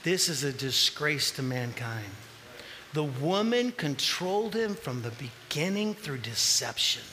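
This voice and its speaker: A man preaching a sermon, acting out the voices in the scripture he reads and rising to shouts at the high points. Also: unhurried, in a large hall, slight background noise. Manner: animated, acts out voices in the scripture, shouts at peaks.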